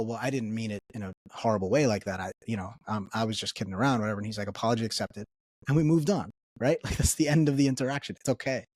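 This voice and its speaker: A man's voice: medium pitch, darkish tone, no room sound, clean studio sound. A man speaking as an interview guest, talking earnestly and often checking in with "right?" as he explains his views. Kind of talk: conversational interview.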